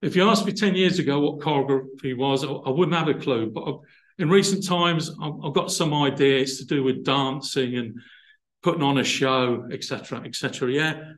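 A man's voice: mid-range voice, normal speed, echoey room, poor audio. A man preaching a sermon, explaining word roots thoughtfully and building to emphatic passages.

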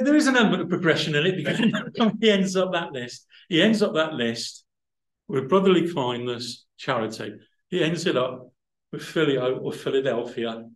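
A man's voice: a little high, fairly bright tone, roomy sound, poor audio. A man preaching a sermon, explaining word roots thoughtfully and building to emphatic passages.

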